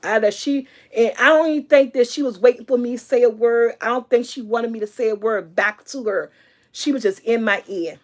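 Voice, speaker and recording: A woman's voice: on the high side, brisk. A middle-aged woman vlogger, giving an emphatic, preachy motivational talk and repeating her key lines.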